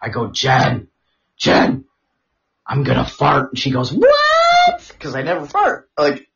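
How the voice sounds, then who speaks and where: A man co-hosting a crude casual chat podcast, rambling through stories with repeated words and loud laughs. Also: mid-range voice, little pitch movement, unhurried, gravelly, slight background noise. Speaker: podcast co-host. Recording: dull lo-fi audio.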